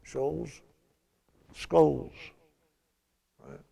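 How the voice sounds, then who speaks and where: A man's voice: a little high, fairly even intonation, very slow, creaky, dark tone, breathy edge. An older man teaching a Bible lesson in a chatty storytelling way, laughing at his own tales.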